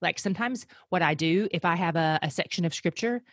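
A woman from the United States talking casually as an interview guest, animated and fond of acting out voices. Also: lowish voice, fairly quick, dry recording, studio quality. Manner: animated, acts out voices when telling a story.

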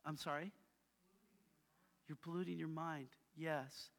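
A man's voice: a little high, steady tone, slow, vocal fry, fairly bright tone. A man preaching a sermon in a casual way, telling personal stories and often checking in with "right?". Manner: casual, tags lines with "right?". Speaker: pastor. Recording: reverberant hall.

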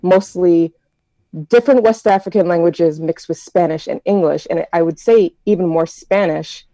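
American woman, mellow low voice, dry close sound, chatty storyteller in a group talk. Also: moderate pace, no room sound, poor audio. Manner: chatty, reflective storytelling with many fillers. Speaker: discussion participant. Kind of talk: casual group discussion.

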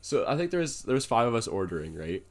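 A man co-hosting a casual chat show, telling stories in an animated, joking way. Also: medium pitch, brisk. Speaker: podcast co-host.

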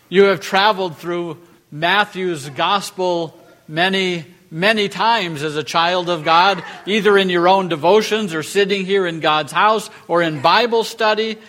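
A man's voice: sits high, fairly bright tone. A man preaching a sermon from the pulpit, emphatic and building to rising, rhetorical lines. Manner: emphatic, rhetorical questions, rising on key phrases. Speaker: pastor. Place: church.

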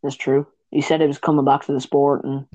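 A man's voice: mid-range voice, little pitch movement, a little fast, mellow, no echo, dull audio. A man co-hosting a casual podcast, talking fight sports, swearing and laughing often. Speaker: podcast co-host. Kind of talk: casual chat.

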